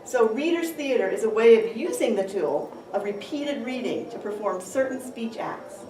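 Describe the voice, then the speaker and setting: High, lively woman reading a script. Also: moderate pace. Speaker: reader's theater performer. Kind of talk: reader's theater script reading. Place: conference room. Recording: echoey room from far off, noisy.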